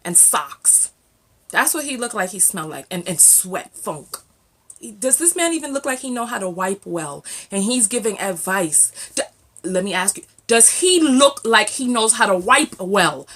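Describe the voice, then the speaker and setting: A woman from the United States giving sassy, animated reaction commentary as a relationship vlogger. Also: a little high, moderate pace. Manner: sassy, animated, exclaiming and questioning.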